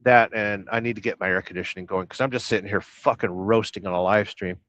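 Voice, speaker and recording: A man streaming live from his parked truck cab, chatting casually with deadpan, sarcastic jokes and plenty of swearing. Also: on the low side, fast, lo-fi sound. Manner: profane, deadpan sarcastic joking. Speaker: trucker and livestream host. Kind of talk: casual livestream chat.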